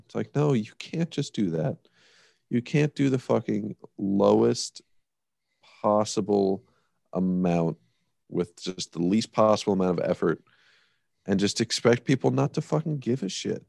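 A man's voice: fairly low pitch, a little slow, vocal fry, a little mellow, no echo. A man co-hosting a casual sports podcast, talking bluntly and emphatically, with swearing and dry sarcasm. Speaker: podcast co-host.

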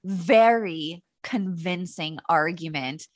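A woman's voice: lowish voice, slow, no echo, clean studio sound. A woman co-hosting a podcast, reading secrets and chatting casually, giggling and acting out quotes. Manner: giggly, lively, acts out quotes. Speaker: podcast co-host.

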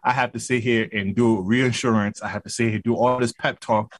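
A man's voice: mid-range voice, steady tone, a little fast, dry recording. A man co-hosting a podcast, arguing back in casual debate and often stumbling over repeated words. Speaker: podcast co-host.

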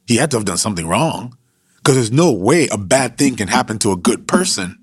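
A man's voice: lowish voice, very animated, a little fast, husky, dry recording, clean studio sound. A man preaching a sermon in a conversational, emphatic way with slangy asides.

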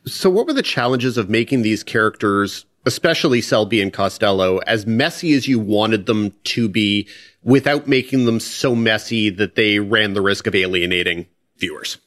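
A man's voice: on the low side, normal speed, fairly bright tone. A man hosting a podcast, asking long, thoughtful questions of a guest. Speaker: podcast host. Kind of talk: interview questions.

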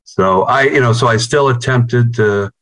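A guitarist telling stories in a casual interview over a video call, rambling and swearing constantly. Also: male voice, mid-range voice, measured pace, fairly bright tone. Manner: rambling, profane, heavy on "you know". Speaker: guitarist in a band.

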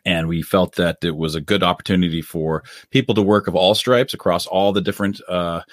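A man's voice: sits low, steady tone, brisk, no room sound, studio quality. A man, a documentary director, talking casually as a guest in an interview, earnest and rambling with many restarts.

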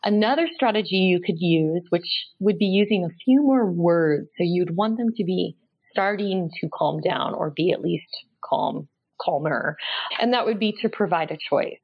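A woman guest on an interview explaining parenting tips in a calm, measured, gently explanatory way. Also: fairly low pitch. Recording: slightly dull lo-fi sound.

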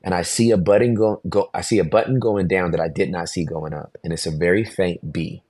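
Brief: man in his forties, very low voice, dry close sound, animated podcast storyteller. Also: a little fast, husky, no room sound. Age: 40s. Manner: animated storyteller, acts out voices, laughs often. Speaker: pastor, podcast guest.

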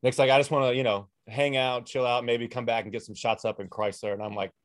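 A man's voice: medium pitch, level tone, fast, noisy background. Laid-back young man telling stories. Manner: laid-back storytelling, many "like"s. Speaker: podcast host, former player. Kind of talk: casual chat.

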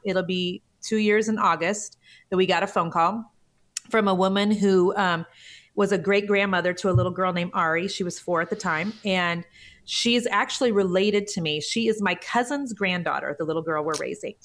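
A woman's voice: mid-range voice, normal speed, fairly bright tone. A woman in her forties telling a personal story as a podcast guest, earnest and emotional. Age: 40s. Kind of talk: conversational interview.

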